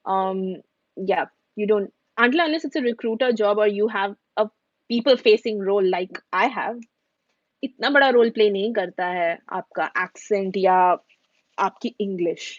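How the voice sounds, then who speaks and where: A woman's voice: medium pitch, quick pace, no room sound. A woman, answering questions on a live stream in a chatty, reassuring way. She drops easily into Hindi mid-sentence. The sound is dry and a little dull, as from a home streaming setup. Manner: chatty, reassuring, switches between English and Hindi. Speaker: recruiter and immigration vlogger.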